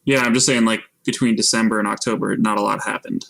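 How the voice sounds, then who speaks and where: A man's voice: lowish voice, fairly even intonation, fast talker, gravelly, fairly bright tone, no room sound, poor audio. A man co-hosting a podcast in casual chat, hedging and unsure as he recalls facts. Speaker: podcast co-host.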